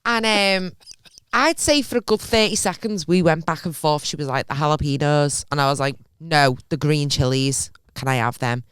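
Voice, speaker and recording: A woman's voice: low voice, normal speed, smooth, no echo, studio quality. A woman with a Runcorn accent co-hosting a podcast, telling stories in a sweary, ranting way. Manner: ranting, sweary, lively storytelling. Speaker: podcast co-host. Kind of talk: casual chat.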